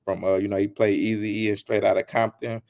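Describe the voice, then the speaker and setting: A man's voice: on the low side, little pitch movement, fairly quick, creaky, darkish tone. A man hosting his channel, retelling a story with teasing jokes, repeating lines and acting out quotes. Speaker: channel host. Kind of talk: animated storytelling commentary.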